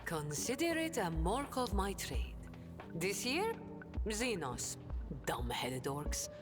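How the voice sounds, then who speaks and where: A sly smuggler-trader. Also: female voice, medium pitch, big pitch swings, takes it slowly. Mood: boastful. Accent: non-standard accent. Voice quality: theatrical, swooping delivery with sudden hushed asides. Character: sly, worldly woman smuggler-trader with a refined front. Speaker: game companion character. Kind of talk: video game voice acting. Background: game music.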